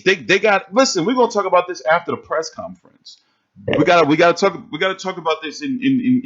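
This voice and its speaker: Male streamer, high lively voice, swearing rant, dull lo-fi sound. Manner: animated, swearing, fired-up. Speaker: livestream host reacting to boxing. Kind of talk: casual profane livestream rant.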